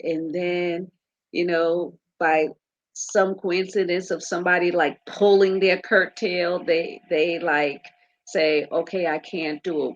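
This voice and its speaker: A woman host asks her questions at a very slow, unhurried pace, stopping and restarting with fillers. Her voice is a little low for a woman and sounds dry and slightly dull. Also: no echo. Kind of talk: interview.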